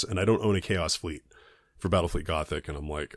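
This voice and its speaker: A man's voice: sits low, quick pace, creaky, no room sound, clean studio sound. A man co-hosting a casual podcast chat, enthusiastic and profane, laughing often. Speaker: podcast co-host.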